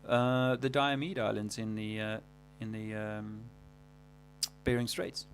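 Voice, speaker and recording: Guy on a livestream, gravelly voice, rambles and restarts a lot, faint hum behind. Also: fairly low pitch, little pitch movement. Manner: rambling, halting, many fillers and restarts. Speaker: livestream host. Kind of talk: casual livestream monologue.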